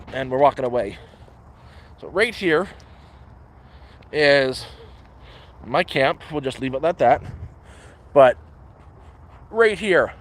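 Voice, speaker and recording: A man hosting a casual live stream outdoors in the woods, giving frank, profane advice, talking into a phone as he walks around his camp. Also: on the high side. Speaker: livestream host living outdoors.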